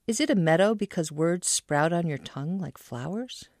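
A woman's voice: fairly low pitch, expressive, normal speed, darkish tone, no echo, clean studio sound. A woman voicing a curious, eager young girl, lightly raised from her own reading voice.

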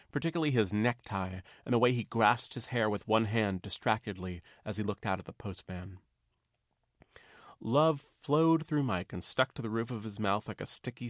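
A man, the author, reading a chapter of his novel aloud in a measured, wry, understated way. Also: on the low side, dry recording, clean studio sound. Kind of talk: literary reading.

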